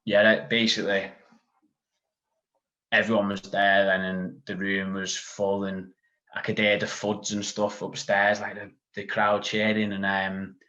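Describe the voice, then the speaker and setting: A man's voice: fairly low pitch, a bit bright. A man, a podcast guest telling a long story in casual chat, full of "like" and asides. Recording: dull lo-fi sound.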